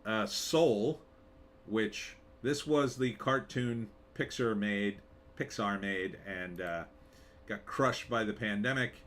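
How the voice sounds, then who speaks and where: A man's voice: fairly low pitch, takes it slowly, fairly bright tone. A man hosting a live commentary show, talking in a sarcastic, rambling way with wry asides. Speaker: show host.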